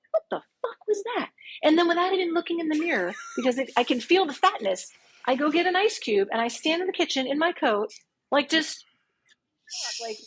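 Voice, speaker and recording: A woman in her fifties, a podcast guest telling a dating story in a casual, animated way and acting out what she said back then. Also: high voice, rough recording. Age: 50s. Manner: animated, acts out her own past lines.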